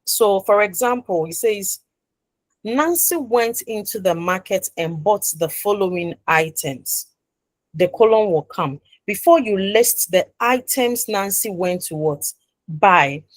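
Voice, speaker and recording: A woman lectures a class in a mid-pitched voice. She goes over each point more than once and stops to ask "what?" so the class can fill in the answer. Her voice sounds close and dry, with no room echo. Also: animated, takes it slowly. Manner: leaves sentences open with "what?" for the class to finish; repeats and rephrases points, checking the class follows. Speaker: university lecturer.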